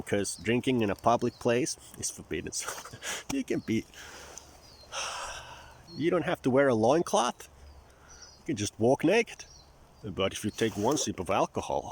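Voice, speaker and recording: A man's voice: on the low side, a little hiss or hum. A Finnish man whose first language is Finnish, speaking English with a Southern US twang in a chatty, wry, rambling monologue outdoors. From Finland. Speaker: vlogger. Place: outdoors near marshland.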